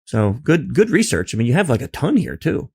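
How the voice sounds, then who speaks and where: A man of middle pitch hosting a conversational podcast. He jokes around, acts out little quotes and laughs often between points. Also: a little fast, gravelly, breathy edge. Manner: jokey, animated, laughs often. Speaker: podcast host.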